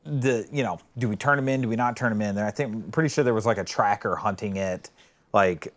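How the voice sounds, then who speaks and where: Rambling, animated podcast man. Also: lowish voice, quick pace. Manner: rambling, animated storyteller, swears, acts out quotes. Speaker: podcast co-host. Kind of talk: casual chat.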